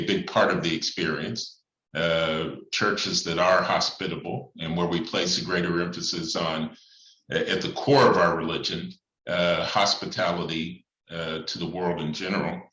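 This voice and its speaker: A priest speaking in a thoughtful, measured way, pausing often with fillers as he lays out his points. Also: deep voice, pushed and bright. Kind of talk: reflective talk on church and society. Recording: echoey room, slightly dull sound.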